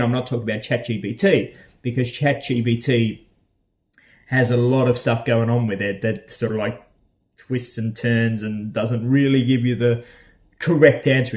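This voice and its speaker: An Australian vlogger talks casually to the camera, wandering between points. His middle-range voice is a little mellow, and his hesitant speech is packed with ums, uhs and restarts.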